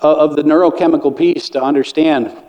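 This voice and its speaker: A man's voice: fairly high pitch, steady tone, a little fast, lo-fi sound. A middle-aged man giving a blunt, earnest conference talk on recovery, sometimes acting out what others say. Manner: earnest, blunt, pastoral, acts out quoted lines. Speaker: conference speaker. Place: conference hall. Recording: hall reverb.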